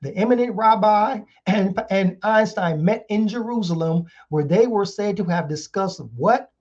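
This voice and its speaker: A man's voice: sits high, measured pace, darkish tone. Man, preaching-style talk, repeated "hmm?" asides, muffled lo-fi audio. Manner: rhetorical, keeps asking "hmm?", heated. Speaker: online show host. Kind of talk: casual lecture reading articles. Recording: dull lo-fi sound.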